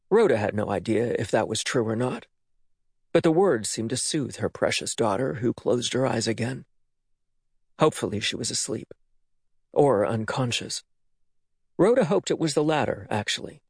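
A man narrates an audiobook in a dramatic, expressive reading. His voice is husky and breathy, moving freely up and down in pitch. The sound is dry and close to the microphone. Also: moderate pace, pauses often, no echo. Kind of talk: scripted narration.

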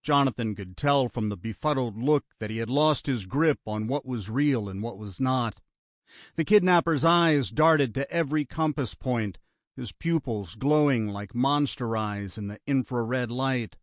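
A man reads thriller narration at an unhurried pace, his tone steady and even. The recording is dry and close, with no room sound. His pitch sits in an ordinary male middle range. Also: no room sound. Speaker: audiobook narrator.

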